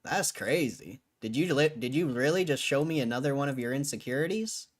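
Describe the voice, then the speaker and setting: A man's voice: mid-range voice, lively intonation, brisk. A man on a live stream, arguing with his chat in a casual, cussing way, tired after hours on air. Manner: argumentative, swears, laughs between lines. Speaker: livestreamer.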